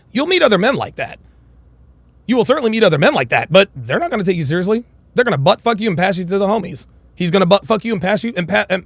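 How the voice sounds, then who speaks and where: A man's voice: high-pitched, dry recording. A man giving blunt, crude, ranting reaction commentary.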